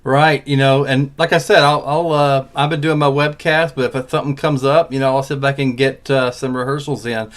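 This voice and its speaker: A man's voice: mid-range voice, flat delivery, fairly quick, few pauses. A man hosting a casual webcast chat, reading out audience questions and laughing often. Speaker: podcast host.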